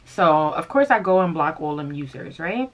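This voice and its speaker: A woman in her thirties vents straight to camera in a sassy, confrontational rant. Her voice sits on the low side, and she talks like she's catching up with friends. Every now and then she breaks into laughter. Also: expressive, normal speed. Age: 30s. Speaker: fashion vlogger.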